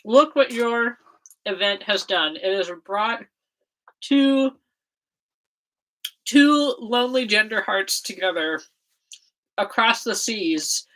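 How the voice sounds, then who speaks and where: Giggly, animated American woman livestreaming. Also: mid-range voice, slow, pauses often. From United States. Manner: bubbly and giggly, many fillers and laughs. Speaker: livestream host. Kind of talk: casual livestream chat.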